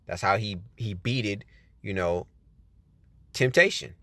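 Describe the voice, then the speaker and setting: A man's voice: lowish voice, slow pace, bright, forceful tone, dry recording. A man hosting a podcast, talking casually about Bible study and often saying "you know what I'm saying.". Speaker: podcast host. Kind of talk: casual faith talk, reading tips.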